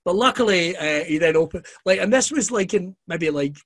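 A man telling stories as a guest, his voice sitting a little high. He swears freely and throws himself into his anecdotes, laughing along the way. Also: normal speed. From Scotland. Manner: profane, animated anecdotes with laughter. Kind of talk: casual storytelling.

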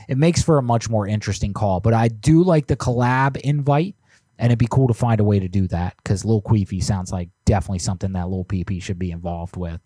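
A man's voice: fairly low pitch, dark tone, dry recording. A man co-hosting a prank call stream, chatting casually and joking while he reads out viewer submissions. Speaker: prank call show co-host. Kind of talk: casual live-stream chat.

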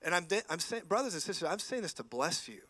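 A man's voice: high-pitched, sing-song, fast talker, bright, forceful tone, dry recording. A man preaching a sermon in church, telling stories animatedly and acting out the dialogue.

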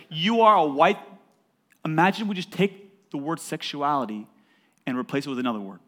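A pastor whose voice runs on the high side preaches at a moderate pace. He grows emphatic, reaching loud peaks, and makes joking asides to those in the pews.

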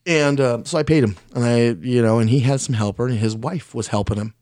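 Talking fairly quickly in a medium-pitched, darkish voice, a podcast guest recounts something personal. He swears nonstop, is blunt and self-deprecating, restarts often and speaks his mind plainly, captured in studio quality with no room sound.

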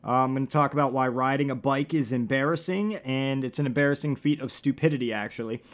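A man hosting a comedy podcast, rambling and profane, with deadpan absurd jokes. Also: medium pitch, quick pace. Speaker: podcast host.

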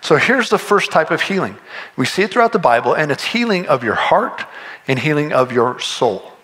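Bright-voiced male pastor preaching. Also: on the high side, big pitch swings, normal speed, rough recording. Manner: earnest, conversational preaching with restarts and rising emphasis. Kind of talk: sermon.

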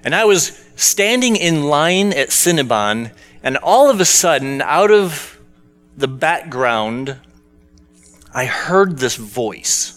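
A man's voice: fairly high pitch, very animated, takes it slowly, a bit bright. A man preaching a sermon in a conversational storytelling way, asking the congregation questions as he goes. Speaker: pastor.

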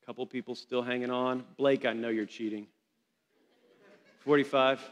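A man preaching a sermon to his congregation, passionate and building to shouted refrains. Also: mid-range voice, steady tone, normal speed. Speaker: pastor. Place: church hall. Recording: long hall reverb.

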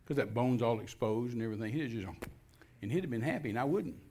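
A minister telling a lively personal story as a talk show guest, acting out the scenes as he goes. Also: medium pitch, fast, slight background noise. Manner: animated storyteller, acts out scenes.

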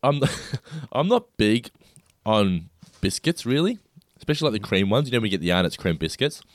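A man's voice: fairly low pitch, big pitch swings, normal speed, no room sound. A man, co-hosting a casual snack taste test and describing each food with enthusiasm. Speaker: co-host.

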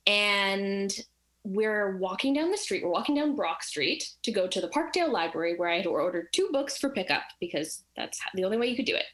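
A woman telling a personal story in casual chat, animated and acting out the voices of the people in it. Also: mid-range voice, fairly quick.

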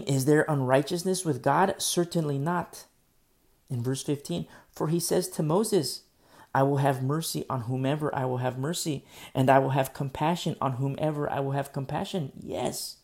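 A man preaching a sermon, earnest, swinging between soft pleading and emphatic outbursts. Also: on the high side, moderate pace, creaky.

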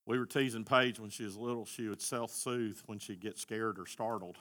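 Middle-aged male pastor, fervent sermon delivery, bright tone. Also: on the low side, fairly even intonation, moderate pace. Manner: impassioned, shouting at peaks.

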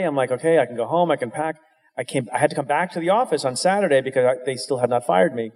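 A man's voice: mid-range voice, a little mellow. Wry middle-aged man telling stories in a reverberant hall. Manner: wry, self-deprecating, frequent restarts. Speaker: guest answering an interviewer's question. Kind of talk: candid storytelling, conversational.

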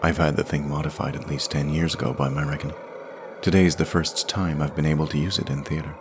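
A man voicing a resourceful, guarded woman agent who speaks dryly and with quiet determination, in an audio story. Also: a bass voice, fairly even intonation, quick pace, noisy background. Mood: wry.

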